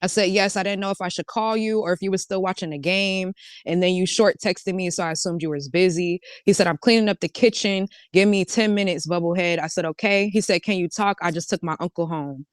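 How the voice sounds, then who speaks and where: Smooth-voiced woman reading texts aloud. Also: on the low side, brisk, dry recording, clean studio sound. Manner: relaxed, reads messages aloud with "he said, I said". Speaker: storyteller reading out text messages. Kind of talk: casual recounting.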